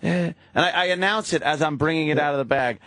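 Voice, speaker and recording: A man's voice: a little high, a little fast, fairly bright tone, no room sound. A man hosting a radio show, rambling through casual stories and laughing at himself. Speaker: radio host. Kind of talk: casual studio banter.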